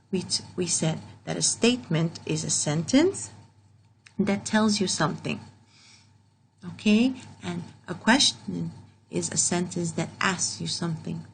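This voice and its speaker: A woman teaching a grammar lesson to young pupils, speaking slowly and patiently and repeating key phrases. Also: medium pitch, slight background noise, poor audio. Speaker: primary school teacher.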